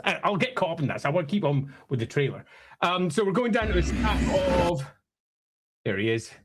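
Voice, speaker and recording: A man from the UK chatting casually on a live stream, rambling with friendly asides. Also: a little high. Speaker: streamer reacting to a trailer.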